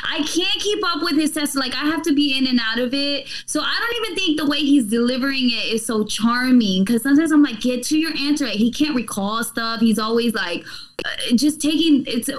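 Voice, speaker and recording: A woman's voice: high voice, animated, fairly quick, few pauses. A woman guest in a casual discussion, giving blunt, opinionated takes.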